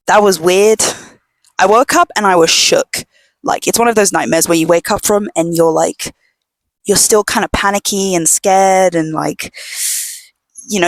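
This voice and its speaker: Soft-spoken young woman, rambling chat. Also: fairly low pitch, dry recording. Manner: rambling, filler-heavy storytelling with many "like"s; drops to a hush at times. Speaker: podcast host. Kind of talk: casual chat. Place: home.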